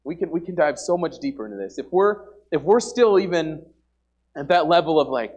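Young man, lay preacher, high voice, lively pitch, earnest, emphatic, repeats himself, casual church sermon. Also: fairly quick. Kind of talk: informal sermon. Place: church service before a congregation.

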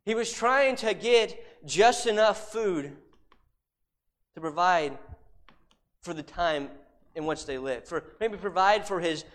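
A man preaching a sermon, emphatic, repeating rhetorical questions and dropping suddenly to a hush. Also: sits high, expressive, takes it slowly.

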